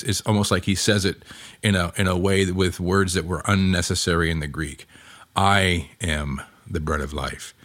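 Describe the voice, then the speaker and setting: A man teaching on a Bible passage for his podcast, earnest and unhurried, often restarting his sentences. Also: low-pitched, a bit bright, no echo. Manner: slow, earnest, with many restarts and pauses.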